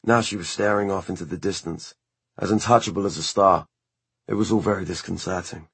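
Husky male audiobook narrator. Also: deep voice, steady tone, brisk, no echo.

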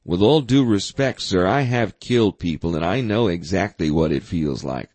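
A man reading the lines of a blunt, forceful middle-aged navy admiral in an audiobook. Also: low-pitched, expressive, moderate pace, no room sound.

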